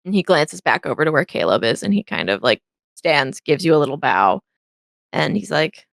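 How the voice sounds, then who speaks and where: A woman's voice: low voice, sing-song, normal speed, vocal fry, no echo, studio quality. A young woman narrating a tabletop role-play as game master, casual and full of fillers.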